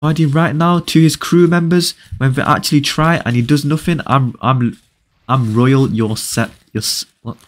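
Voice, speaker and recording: A man's voice: medium pitch, fairly even intonation. Teasing young man streaming a game. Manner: reads viewer comments aloud and answers them with playful teasing; repeats short phrases in quick bursts. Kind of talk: casual live-stream chat.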